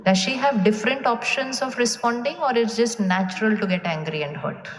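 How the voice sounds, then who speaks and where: A woman's voice: on the high side, a little fast. Woman giving a spiritual talk, keeps quizzing the crowd, big roomy hall with long reverb. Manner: questions the audience and waits for answers. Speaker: spiritual speaker. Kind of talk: spiritual talk to a live audience. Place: large hall with an audience. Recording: echoey hall, faint room noise.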